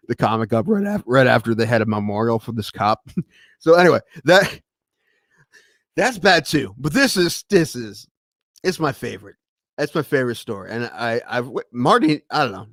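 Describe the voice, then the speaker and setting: A man hosting a solo stream, chatting casually and rambling from thought to thought, growing excitable as he tells stories. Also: medium pitch, fairly quick, dry recording. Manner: scattered and rambling, with many restarts, then excitable when telling a story. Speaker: podcast host streaming solo.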